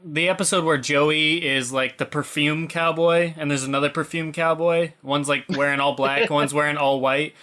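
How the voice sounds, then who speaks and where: A man co-hosting a casual podcast chat, jokey and quick to break into impressions. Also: fairly high pitch, flat delivery, pushed and bright. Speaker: podcast co-host.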